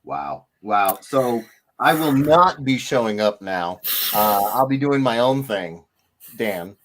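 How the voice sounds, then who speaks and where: A man's voice: very animated, slow, fairly bright tone, a little hiss or hum. A man co-hosting a casual livestream, bantering playfully with viewers and his co-host. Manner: playful, bantering, swings pitch a lot.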